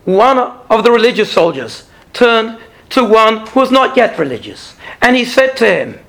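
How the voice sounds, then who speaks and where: High, gravelly man lecturing. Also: sing-song, a bit bright. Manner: measured and earnest, slowing to stress key points. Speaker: rabbi giving a lecture. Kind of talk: Torah lecture.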